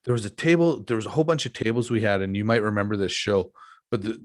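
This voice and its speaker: Low-voiced man hosting a casual podcast. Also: lively intonation, fast talker, dry recording, studio quality. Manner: candid, reflective storytelling. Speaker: podcast host.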